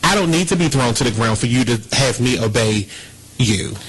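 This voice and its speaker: A man hosting a casual radio talk show, ranting and gossiping in an animated, indignant way. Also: medium pitch, normal speed, a little hiss or hum, rough recording.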